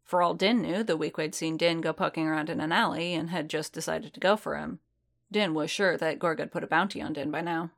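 A woman reading fan fiction aloud in a steady storytelling manner. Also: low-pitched, fairly quick, gravelly. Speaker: narrator.

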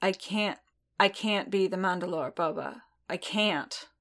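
Lady voicing a tired warrior guy, stumbles over his words, slow and low, audiobook read. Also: fairly bright tone. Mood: pained. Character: weary, honor-bound male bounty hunter. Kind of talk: fan fiction audiobook reading.

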